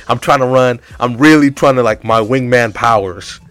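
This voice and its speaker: A young man telling a comedic story in a rambling, animated way, full of filler words. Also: medium pitch, a little fast, few pauses, soft background music.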